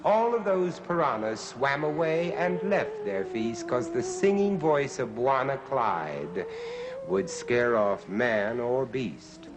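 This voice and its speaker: A man narrating a comic rhyming story in a measured storytelling manner. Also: medium pitch, lively intonation. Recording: hissy old tape recording.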